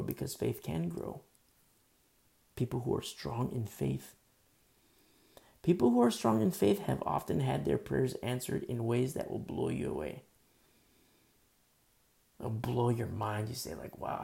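A man's voice: mid-range voice, sing-song, unhurried, gravelly, long pauses, mellow. A man preaching a sermon in a conversational, folksy way, with asides and quoted lines. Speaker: pastor.

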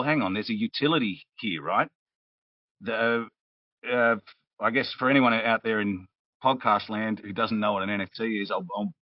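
Aussie guy telling stories on a podcast, lowish voice, dead dry room. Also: no echo, distant mic, highs cut off. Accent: Australian. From Australia. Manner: chatty, explains with anecdotes. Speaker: guest, audiobook narrator and publisher. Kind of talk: casual podcast chat.

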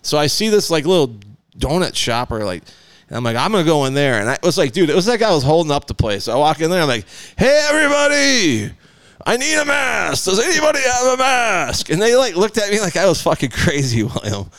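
A man tells a long, rambling story, throwing on voices for the people in it. His pitch swings widely, and his voice sits a little high and rings clear. The sound is close and dry, with no room around it. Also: fast, no echo. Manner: rambling, animated, acts out voices in his stories. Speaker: podcast co-host. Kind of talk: casual storytelling chat.

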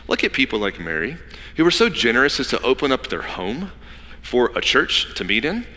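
A man preaching a sermon as pastor, telling the story with lively asides and acting out the people in it. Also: medium pitch, big-room sound. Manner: animated storytelling, acting out characters in quick asides.

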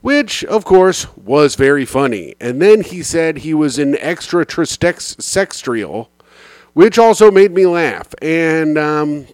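On his own comedy podcast, a man spins road stories in a loose, animated, casual comic style, swearing freely and slipping into quoted voices. His voice sits a little high for a man. The recording is dry and close, with no room sound around it.

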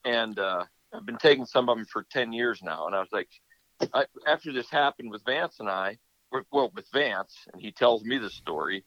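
A man's voice: fairly low pitch, moderate pace, fairly bright tone, no echo, muffled recording. A man in casual chat, joining in to add his side of the story.

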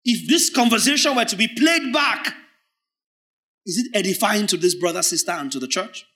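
Preacher, male, high-pitched; emphatic sermon delivery that drags words out and drops to near-whispers between loud lines. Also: animated. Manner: emphatic, drawn-out words, sudden swings from loud to hushed; acts out imagined church members in quoted asides.

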